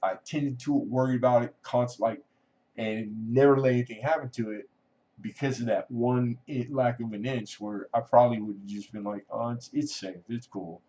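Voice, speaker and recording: A man's voice: steady tone, fairly quick, dark tone. A man hosting a casual livestream chat, telling a long personal story in a rambling way, laughing often and trailing off. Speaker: livestream host. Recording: muffled low-fidelity audio.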